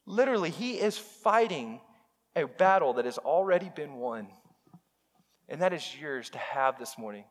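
A man's voice: fairly high pitch, expressive, moderate pace, big-room sound. A male pastor preaching a passionate sermon to his congregation, speaking directly to them and repeating his key phrases. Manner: impassioned, repetitive, direct address to congregation. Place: church sanctuary.

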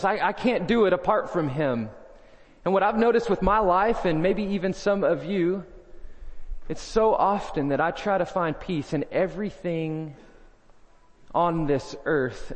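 A man preaches with earnest conviction, often sinking to a hushed, low delivery on his key lines. His voice sits high for a man, and it rings out with a long reverb tail that fills a large church hall. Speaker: pastor. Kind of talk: sermon. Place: church sanctuary.

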